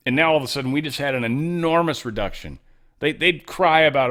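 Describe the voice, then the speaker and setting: Sarcastic, animated male commentary host. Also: mid-range voice, brisk. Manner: animated, joking asides, sarcastic, frequent fillers and restarts. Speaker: political commentary show host. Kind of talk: casual opinionated commentary.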